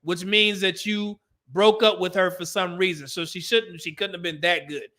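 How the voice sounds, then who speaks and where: A man's voice: high voice, steady tone, normal speed, pushed and bright. A man hosting a show, giving blunt, emphatic, opinionated commentary. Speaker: show host.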